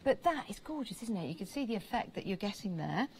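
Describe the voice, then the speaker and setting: Woman, TV shopping presenter, lively teasing delivery. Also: medium pitch, quick pace, slight background noise. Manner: playful, teasing, laughs often. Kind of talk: live shopping broadcast chat.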